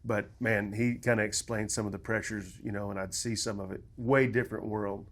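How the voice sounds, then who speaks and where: A man, a veteran hosting an interview, chatting in a relaxed, conversational way with easy laughs. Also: on the low side, a little fast. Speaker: podcast host, veteran. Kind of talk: casual interview chat.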